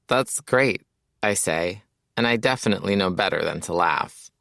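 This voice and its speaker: A man reads an audiobook in the first person with a casual, wry way of telling the story. His voice sits somewhat low, and the recording is close and dry with no room sound. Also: lively intonation, moderate pace, vocal fry, sharp tone, no room sound. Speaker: audiobook narrator.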